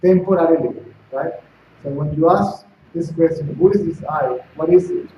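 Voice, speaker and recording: A man's voice: a little high, moderate pace. A man giving a spiritual talk to a small group, speaking conversationally and often checking in with his listeners. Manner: conversational, frequent "right?" and "see?" checks; acts out dialogue in stories. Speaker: spiritual teacher. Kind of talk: satsang talk to a small audience. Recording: distant echoey room, dull lo-fi with faint noise.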